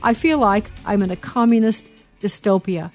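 A woman's voice: medium pitch, moderate pace, darkish tone, soft background music. Earnest woman radio talk host. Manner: earnest, emotional, with many fillers and restarts. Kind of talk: reading listener messages on talk radio.

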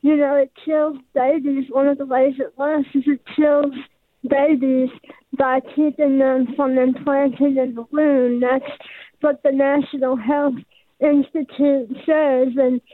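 A woman's voice: high-pitched, level tone, a little slow. A woman calling in to a radio show, speaking hesitantly with many fillers. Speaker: caller. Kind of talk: phone call to a radio show. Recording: tinny phone line.

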